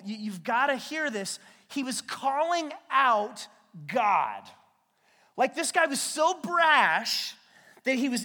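A man preaching a sermon as a pastor, retelling scripture as a lively, slangy story. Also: very high voice. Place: church sanctuary. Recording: long hall reverb in a church.

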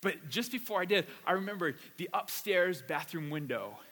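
A man's voice: high-pitched, animated, normal speed, fairly bright tone, slightly rough, big-room sound. A man preaching a conversational sermon. He tells stories casually and animatedly, repeating words as he goes. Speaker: pastor. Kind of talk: conversational sermon with personal story.

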